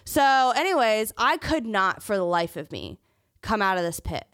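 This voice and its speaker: A woman's voice: mid-range voice, big pitch swings, normal speed, fairly bright tone, smooth, no echo, studio quality. A young woman sharing a personal story on her podcast, candid and emotional, near tears at times, with joking asides. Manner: joking asides between serious parts. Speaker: podcast host.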